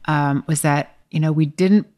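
A woman being interviewed, telling her business story in an animated, self-deprecating way and laughing often. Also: sits low, unhurried. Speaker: guest, wine business co-founder.

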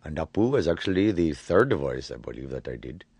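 A man around forty, a voice actor talking in an interview, halting and restarting his words often. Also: very deep voice, sing-song, creaky, darkish tone, husky, dry recording. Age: 40s. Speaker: voice actor guest. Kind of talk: relaxed interview talk.

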